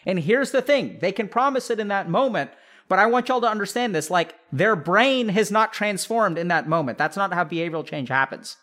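A man's voice: high voice, animated, a little fast, fairly bright tone. A man hosting a podcast, giving casual mental health advice to a live chat in a direct, coaching way with frequent check-ins.

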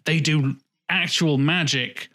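A man's voice: a little high, slow pace, pushed and bright. A man, co-hosting a casual podcast chat, blunt and emphatic, with frequent swearing. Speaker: podcast co-host.

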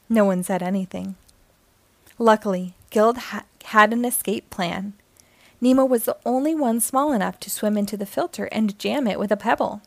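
A woman reading a children's picture book aloud in a gentle storytelling manner. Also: medium pitch, moderate pace, gravelly, no echo.

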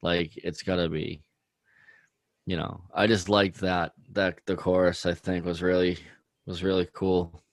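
Very deep-voiced man rambling casually. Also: flat delivery, a little slow, no echo. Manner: rambling, heavy use of "like" and "dude". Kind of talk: casual chat about music.

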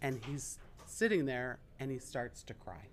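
A woman in her fifties, a dealing school instructor, telling a story on a casual podcast and acting out quotes in a higher voice. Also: animated, measured pace.

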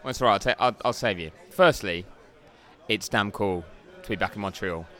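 A man's voice: lowish voice, fairly quick, bright, forceful tone. A man co-hosting a podcast from a bar, wry and rambling as he tells a story in casual banter. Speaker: podcast co-host.

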